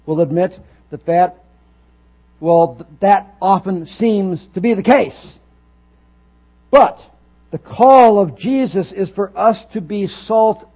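This pastor's sermon is earnest and emphatic, his phrases built up on the fly. His high voice is a little mellow, heard through a dull lo-fi recording with faint mains hum.

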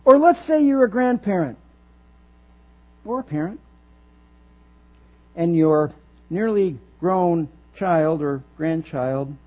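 High-voiced man preaching a sermon. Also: lively intonation, takes it slowly, long pauses, warm tone. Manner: earnest preaching with rising emphatic phrases. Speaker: pastor. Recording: dull lo-fi recording with faint mains hum.

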